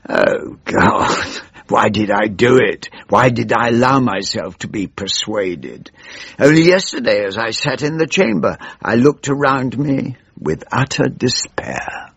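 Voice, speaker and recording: An older man with a husky drawl, playing a weary, pompous member of parliament in a radio comedy monologue. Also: fairly low pitch, a bit bright, no room sound, exaggerated voice. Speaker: weary elderly backbench politician narrating his woes. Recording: muffled dry radio recording.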